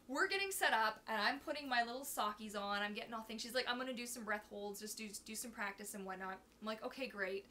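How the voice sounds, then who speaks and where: Woman host, bright and higher voice, bubbly live chat from a phone at home. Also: quick pace, hardly any pauses, slight background noise. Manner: bubbly, chatty, fillers like "like" and "oh my gosh". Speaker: livestream host. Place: at home at her computer.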